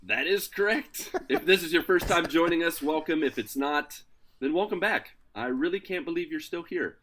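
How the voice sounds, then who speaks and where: A man hosting a casual podcast, introducing his co-hosts with energetic, playful hype. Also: fairly high pitch, normal speed, a little hiss or hum. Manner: energetic, hyped, playful announcer delivery. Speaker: podcast host.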